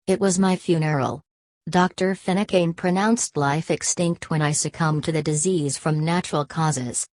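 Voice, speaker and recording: A woman's voice: low voice, fairly even intonation, normal speed, darkish tone, no echo, natural voice. A woman reading the part of a dead clerk's ghost, speaking in a hollow, earnest way.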